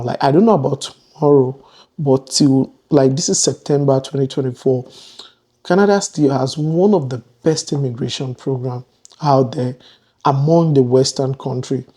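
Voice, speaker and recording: A man's voice: medium pitch, mellow. A man talking casually to camera, explaining things and restarting and repeating his phrases as he goes. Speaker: vlogger.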